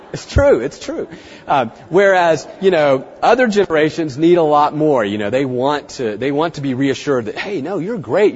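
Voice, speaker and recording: A middle-aged man giving a seminar talk to an audience, chatty and animated, acting out the people he quotes. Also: mid-range voice, breathy edge. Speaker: veterinary practice speaker. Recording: muffled, dull sound in a reverberant hall.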